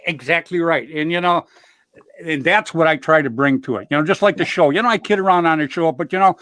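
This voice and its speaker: Chatty middle-aged man, slightly high voice. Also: fairly quick, fairly bright tone, dry recording. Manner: rambling, peppered with "you know"; upbeat, jokes about himself. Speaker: show host. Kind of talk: casual storytelling chat.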